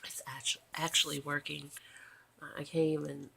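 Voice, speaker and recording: A woman's voice: sits low, flat delivery, normal speed, gravelly, bright, forceful tone, breathy edge. A tired woman, rambling sleepily to her vlog camera at night and drifting into whispers. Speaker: vlogger. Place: at home in bed at night.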